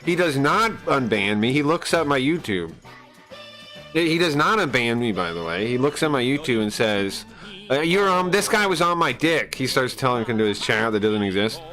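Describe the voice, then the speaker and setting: Man, live streamer, aggrieved casual rant, heavy swearing, mid-pitched voice. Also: expressive, moderate pace, fairly bright tone, faint music behind, low-quality recording. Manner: profane, aggrieved, rambling with restarts.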